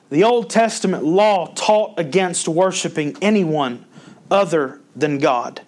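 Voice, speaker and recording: High-pitched male pastor preaching, folksy storytelling, gets louder on scripture quotes. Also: a little slow. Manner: preaching with rising emphasis on quotes, folksy asides. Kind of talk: sermon.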